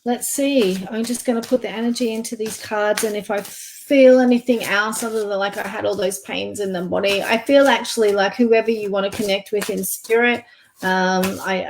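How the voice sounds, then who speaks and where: A soft-spoken woman gives a live psychic reading online. She speaks gently and hesitantly, pausing on fillers as she goes. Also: mid-range voice, fairly even intonation, creaky, a little hiss or hum. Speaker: psychic reader.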